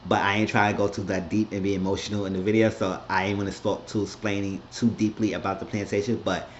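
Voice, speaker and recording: A man's voice: lowish voice, little pitch movement, fast talker, lo-fi sound, slight background noise. A man giving a blunt, rambling, casual recap of a reality show episode on his vlog. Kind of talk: casual commentary.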